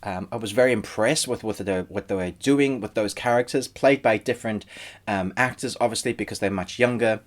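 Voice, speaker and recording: A man's voice: on the low side, brisk. A man hosting his own series review channel, talking casually and thinking aloud as he goes. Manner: chatty and conversational, thinks aloud. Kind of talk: casual spoken film review.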